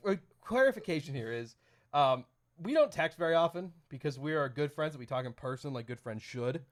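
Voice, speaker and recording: Young man, slightly high voice, rambling, self-correcting, podcast co-host. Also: lively intonation, a little fast. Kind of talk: casual chat.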